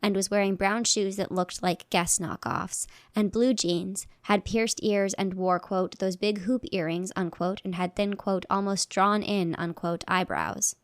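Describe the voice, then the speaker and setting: A woman reading a legal document aloud in a measured, plain delivery, marking each quotation aloud. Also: mid-range voice, no room sound, clean studio sound.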